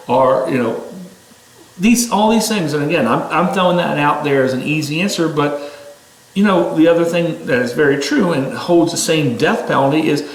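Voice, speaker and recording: A man giving an informal sermon-style talk, rising sharply in pitch when he exhorts his listeners. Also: moderate pace, echoey room, low-quality recording.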